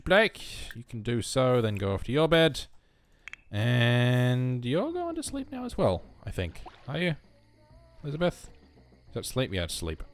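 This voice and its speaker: A young man chatting casually over a life-sim game, talking to his characters and poking fun at himself. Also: medium pitch. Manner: chatty, self-mocking, talks to his characters. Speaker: gameplay commentator. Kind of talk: casual let's-play commentary.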